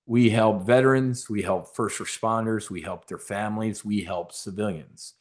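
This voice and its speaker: A man's voice: on the low side, steady tone, moderate pace, hardly any pauses, darkish tone. A man hosting a live webinar, talking casually in a rambling, emphatic, preacher-like way. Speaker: webinar host.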